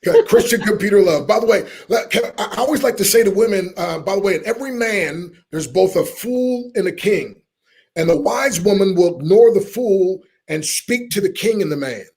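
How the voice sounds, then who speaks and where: A middle-aged man, a motivational speaker telling a lively story in an interview and acting out the people in it. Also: sits high, a little fast, breathy edge. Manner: animated storyteller, acts out quoted voices, laughs often.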